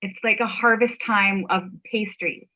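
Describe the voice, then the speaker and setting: A woman hosting a casual podcast chat with a friend, agreeable and quick to affirm. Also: mid-range voice, fairly even intonation. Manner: warm, agreeable, lots of affirming yeahs. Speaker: podcast host. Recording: dull lo-fi audio.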